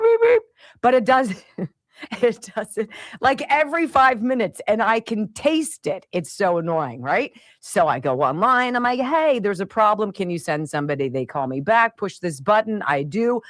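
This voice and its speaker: A middle-aged woman with a mid-range voice hosts a talk radio show from a home studio with a camera, using a studio mic with no room sound. She vents in an opinionated monologue and mimics sounds and voices.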